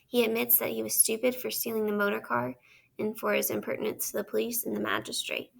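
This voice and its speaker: High, gravelly-voiced woman teacher reading aloud. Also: little pitch movement. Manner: measured storytelling, asks the listener questions. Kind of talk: read-aloud lesson narration.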